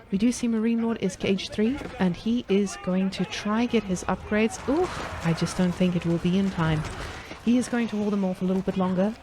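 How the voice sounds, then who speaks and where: South African woman, streamer-caster; chatty, excitable play-by-play, medium pitch. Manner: excitable, chatty, laughs often. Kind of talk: live-stream game commentary.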